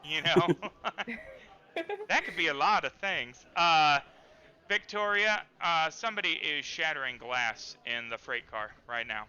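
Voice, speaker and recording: A man runs a tabletop western game as its game master, his voice very bright and smooth. He sits a little higher than most men. He narrates over a headset mic in a brisk, easygoing way. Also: dull audio.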